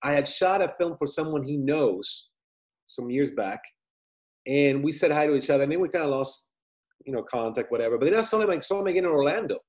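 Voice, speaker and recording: A man being interviewed about his filmmaking, talking in a rambling, animated way and acting out what people said. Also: fairly high pitch, brisk. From Italian family, lives in United States. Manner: rambling, animated, acts out quotes. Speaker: filmmaker guest. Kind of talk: casual interview storytelling.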